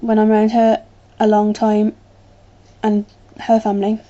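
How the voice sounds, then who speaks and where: A woman's voice: mid-range voice, completely flat delivery, unhurried, dark tone, muffled recording. A woman with a British English accent chatting casually to camera as a vlogger, rambling a little with plenty of ums.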